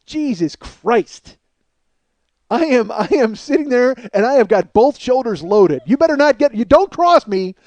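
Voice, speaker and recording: A man hosting a comedy podcast, delivering a profane, exasperated rant that swings between loud outbursts and low muttering. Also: very animated, unhurried. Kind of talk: ranting comedic monologue.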